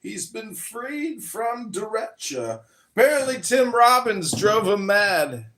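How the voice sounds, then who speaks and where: A man's voice: sits high, sing-song, takes it slowly, fairly bright tone. A man in an online voice chat, teasing another speaker in a theatrical, sing-song way. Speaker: voice chat participant.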